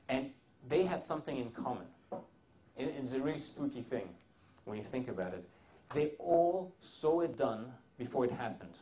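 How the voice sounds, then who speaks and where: A man's voice: medium pitch, highs cut off, slight background noise. A man presenting a live seminar to a small audience, talking loosely with many restarts and fillers.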